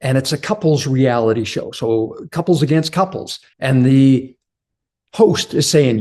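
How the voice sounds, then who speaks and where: An animated man with a mid-range, dark-toned voice speaks at a moderate pace. As a men's relationship coach, he delivers an earnest, direct motivational talk to other men, addressing them as brothers.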